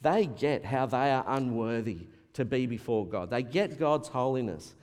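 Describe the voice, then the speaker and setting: A man preaching a sermon as a pastor, animated and acting out the voices he quotes. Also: medium pitch, normal speed. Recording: long hall reverb.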